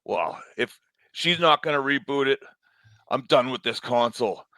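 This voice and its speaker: A man playing a gruff soldier in a tabletop role-play, talking in a casual, bantering way. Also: medium pitch, expressive, normal speed, bright, forceful tone, no echo. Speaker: player.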